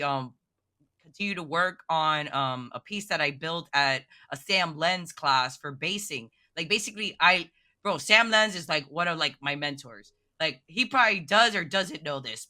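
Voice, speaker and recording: A woman's voice: sits low, normal speed. A woman guest on a podcast, chatting casually and emotionally, full of "like" fillers. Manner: excitable, emotional, heavy "like" fillers. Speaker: guest miniature painter.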